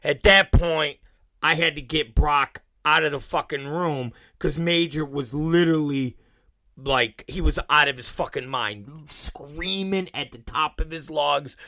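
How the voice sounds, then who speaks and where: A man's voice: a little high, measured pace, pushed and bright, dry recording, low-quality recording. A man hosting his own radio show, telling home stories in a profane, rambling way. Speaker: host. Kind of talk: casual radio show monologue.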